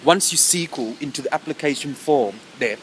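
A man's voice: on the high side, a little fast, slight background noise, low-quality recording. A man talking to camera outdoors, rambling through invented technical jargon and stopping often to correct his own words. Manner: rambling, self-correcting, meows between phrases. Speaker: vlogger. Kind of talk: rambling pseudo-technical monologue. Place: outdoors in wind.

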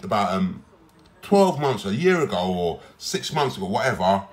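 Man, mid-pitched, animated delivery, presses his points again and again. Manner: lively, emphatic, repeats himself. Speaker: psychiatric ward patient. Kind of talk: recorded personal complaint.

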